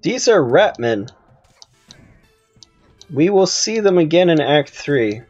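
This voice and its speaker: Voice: medium pitch, sing-song, slow pace, pauses often, a little mellow, highs cut off, faint music behind. A gamer chatting with friends over voice chat, teasing them and reading out game loot in a playful way. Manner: playful, teasing, narrates game items aloud. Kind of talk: casual voice-chat banter during a game.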